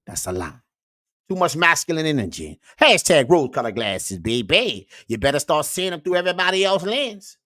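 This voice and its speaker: A performer puts on a sermonizing uncle who lectures his audience like a preacher. His pitch leaps wildly from high squeals to low growls, and he leans on "baby" and "you see". The sound is close and completely dry. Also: a bit bright, no echo. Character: preachy male uncle lecturing on red-pill views. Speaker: host. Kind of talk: comedic character monologue reacting to clips.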